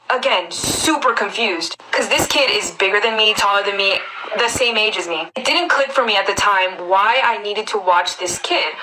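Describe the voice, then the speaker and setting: A woman's voice: medium pitch, a little fast, noisy background. A woman in her early twenties telling personal stories in a chatty, confiding way, often turning to her viewers. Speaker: storyteller. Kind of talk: story time narration.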